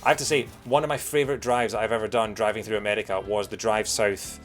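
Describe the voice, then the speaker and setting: Over soft background music, a man with a lowish, fairly even voice chats fast with viewers while streaming a game. He rambles casually, with plenty of fillers, in laid-back live-stream commentary.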